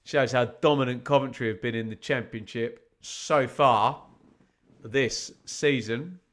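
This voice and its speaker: A man's voice: mid-range voice, measured pace, a bit bright. Chatty man giving live football commentary. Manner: chatty, reads out scores, asks the chat rhetorical questions. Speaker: watch-along commentator. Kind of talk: live fan commentary and chat.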